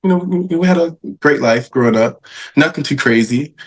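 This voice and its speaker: A man in his thirties, a podcast guest, telling stories in a casual, animated way, laughing often and acting out what people said. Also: a little high, normal speed. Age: 30s. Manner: animated, laughing, acts out quoted voices. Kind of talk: casual storytelling interview.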